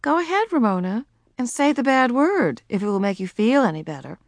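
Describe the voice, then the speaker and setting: A patient, loving mother speaks gently and calmly, read by a woman. Her voice moves up and down in a lively way. The sound is dry and close. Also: on the high side, fairly quick, no room sound, voice pushed up. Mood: gentle. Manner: gentle and calm. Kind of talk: audiobook character voice.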